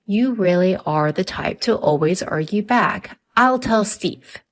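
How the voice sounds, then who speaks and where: A woman's voice: on the low side, moderate pace, lightly acted. A woman voicing a harsh, demanding middle-aged mother-in-law in a narrated story. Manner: cutting, demanding.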